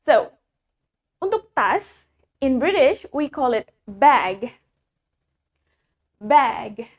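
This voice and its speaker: A woman teaching English vocabulary, pronouncing each word slowly and repeating it for learners. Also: high voice, big pitch swings. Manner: slow, careful pronunciation, repeating each word. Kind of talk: vocabulary lesson with repetition drills.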